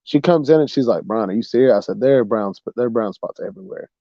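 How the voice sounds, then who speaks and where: A man's voice: mid-range voice, fast talker, dry recording, muffled recording. Young guy on a livestream telling stories, keeps saying bro, dry close sound. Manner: animated, says "bro" a lot, laughs while telling. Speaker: livestream host. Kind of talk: casual storytelling chat.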